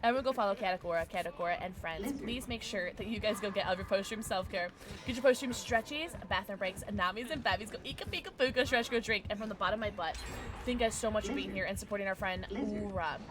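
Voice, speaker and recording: A woman's voice: medium pitch, quick pace, over music. A woman streaming a video game live, chatting with her viewers, squealing greetings and swearing casually. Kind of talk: live gaming stream chat. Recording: noisy stream with steady background hiss.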